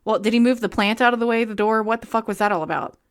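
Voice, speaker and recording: A woman's voice: on the high side, quick pace, clear, resonant tone. A young woman reading a book aloud and breaking in with sarcastic, exasperated comments. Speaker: book reviewer.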